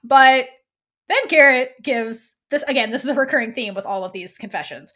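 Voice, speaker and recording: A woman co-hosting a podcast, giving a casual and animated recap of a TV episode. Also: high voice, normal speed. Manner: animated retelling, slips into quoted voices. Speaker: podcast co-host.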